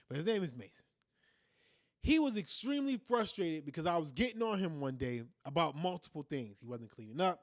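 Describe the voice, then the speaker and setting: A man's voice: sits high, dry recording, studio quality. A man, talking casually about parenting and acting out his children's voices as he tells stories. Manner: animated storytelling, acts out his kids' voices. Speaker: podcast host.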